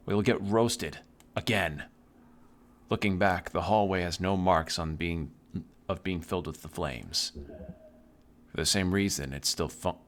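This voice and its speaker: A man streaming a game, reading its text aloud evenly, with sudden loud outbursts. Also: low voice.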